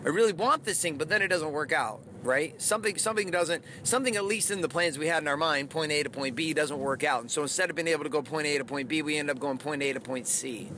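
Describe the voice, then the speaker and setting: A man's voice: fairly high pitch, quick pace, few pauses, bright, forceful tone, a little hiss or hum. A man hosting a podcast, talking in an emphatic, candid motivational monologue and swearing freely. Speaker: podcast host.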